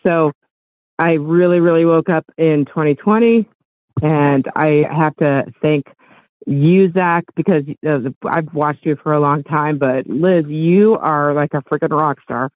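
Middle-aged man, caller, high voice, tinny phone line, dry, earnest and rambling. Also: a little slow, dry recording. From Los Angeles, USA. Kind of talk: call-in radio chat.

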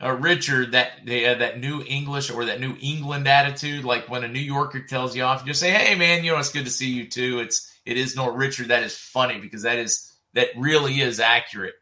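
Reading out comments during a casual livestream chat, this Southern-accented, middle-aged host talks briskly with few pauses. He's a chatty type who laughs easily and hops between comments, his ordinary-pitched voice sounding bright and forward.

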